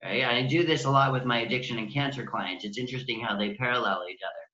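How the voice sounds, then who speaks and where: A man speaking as a guest healing practitioner, gentle and compassionate, voicing kind words he would say to his own pain. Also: medium pitch, fast, reverberant, muffled recording. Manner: gentle, compassionate, acts out inner dialogue. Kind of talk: interview, conversational.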